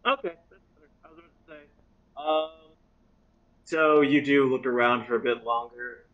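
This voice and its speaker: A man serving as game master, setting scenes in an unhurried, easygoing way during a tabletop game. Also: mid-range voice, steady tone, highs cut off.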